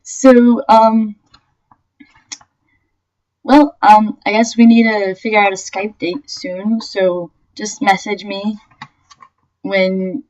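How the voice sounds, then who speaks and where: A young woman reading aloud a story she wrote, telling it in a lively way with bursts of laughter. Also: mid-range voice, slow, long pauses. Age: young adult. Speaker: vlogger. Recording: dull lo-fi webcam audio.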